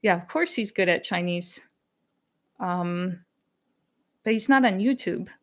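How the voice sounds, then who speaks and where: A young woman with a fairly low voice hosts a language-learning channel, speaking at a measured pace as she chats casually on a live stream and answers comments. She's candid, laughs a lot, and drops Chinese phrases into her talk.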